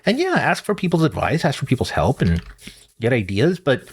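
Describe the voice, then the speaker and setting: Animated man chatting over gameplay. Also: medium pitch, brisk, slightly rough. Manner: rambling, animated, talks to himself while playing. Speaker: gaming channel host. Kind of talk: casual gameplay commentary.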